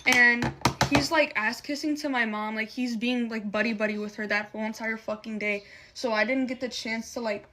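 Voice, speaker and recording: A woman's voice: a little high, fairly even intonation, moderate pace, few pauses, noisy background. A young adult woman telling a personal story in a casual, emotional way while doing her makeup, swearing a lot and filling with "like". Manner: emotional, heavy swearing and filler "like".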